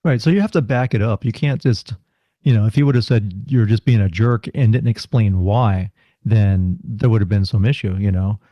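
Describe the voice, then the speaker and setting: In a muffled lo-fi recording with no room sound, a middle-aged podcast co-host from South Florida trades casual anecdotes, laughing through the animated telling. His voice is lowish and his pace moderate.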